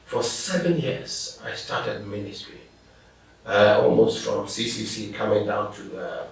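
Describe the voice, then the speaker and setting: A man's voice: on the low side, vocal fry. A middle-aged man, a pastor telling stories and laughing as he answers interview questions. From Ghana. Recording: echoey room, distant mic.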